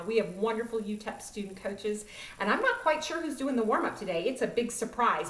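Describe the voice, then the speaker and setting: A woman directing a children's choir in an upbeat online music lesson, talking in an animated, expressive way. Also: on the high side, normal speed. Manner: animated, expressive, demonstrates voice sounds. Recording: roomy, from a distance.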